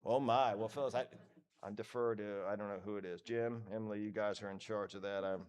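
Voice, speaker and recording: A man's voice: on the low side, brisk, smooth. Joking man giving a conference talk. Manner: lively, joking, acts out quoted voices. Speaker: conference speaker. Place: conference hall.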